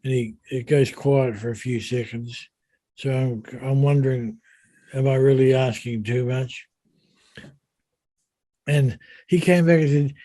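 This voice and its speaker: Older man, guest, anecdotal storyteller, unhurried, dry close-miked voice. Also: mid-range voice, steady tone, warm tone, no room sound. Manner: unhurried anecdotal telling with self-quotes. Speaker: yacht designer guest. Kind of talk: storytelling in conversation.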